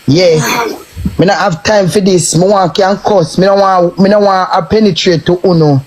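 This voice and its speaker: A man's voice: high-pitched, fairly even intonation, moderate pace, rough recording. Cursing Jamaican man ranting on stream. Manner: loud, cursing, taunting. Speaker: live streamer. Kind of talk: live stream rant.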